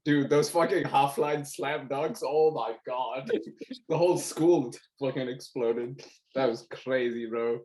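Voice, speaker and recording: Give me an excitable young man joking and swearing on a video-call podcast. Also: mid-range voice, measured pace, low-quality recording. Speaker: podcast co-host. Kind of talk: casual chat over video call.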